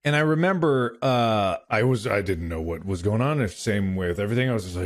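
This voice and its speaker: Animated man telling a story. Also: fairly low pitch, fairly quick, few pauses. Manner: animated, acts out voices while telling stories. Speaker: podcast co-host. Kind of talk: casual storytelling chat.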